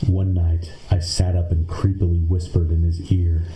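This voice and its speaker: A man reading a numbered list of creepy stories aloud in a slow, measured, deadpan manner. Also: deep voice. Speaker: narrator. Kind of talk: scripted narration of creepy stories. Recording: echoey room with faint noise.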